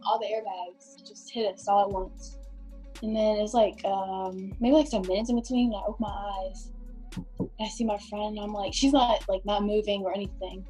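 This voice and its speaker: A young woman tells her story as a podcast guest. Her voice is warm and mellow, and she talks loosely with plenty of fillers. A faint bed of music sits under her. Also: mid-range voice. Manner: vivid storytelling with many fillers. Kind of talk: casual storytelling.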